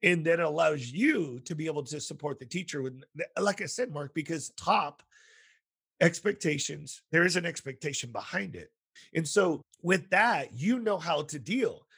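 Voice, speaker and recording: A man's voice: a little high, normal speed, creaky, husky. A man hosting a podcast, chatting casually with a guest and telling stories full of acted-out quotes. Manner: animated storytelling with quoted voices. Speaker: podcast host, school counselor.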